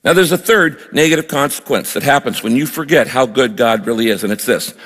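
A man preaching a sermon, telling a personal story and acting out his own prayers in an animated way. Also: medium pitch, a little fast, breathy edge. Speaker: pastor. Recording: long hall reverb.

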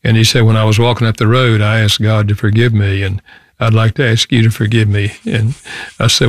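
Gravelly older man telling a story. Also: fairly low pitch, level tone, dry recording, clean studio sound. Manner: earnest, reflective, halting with fillers. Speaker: guest author and counselor. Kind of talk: storytelling in a radio interview.

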